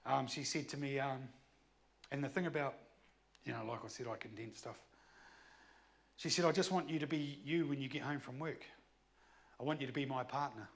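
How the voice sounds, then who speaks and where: A man's voice: medium pitch, moderate pace, gravelly, long pauses. A man telling a candid personal story in a blunt, swearing way. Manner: blunt, swears freely, acts out his own past outbursts. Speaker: speaker sharing his story.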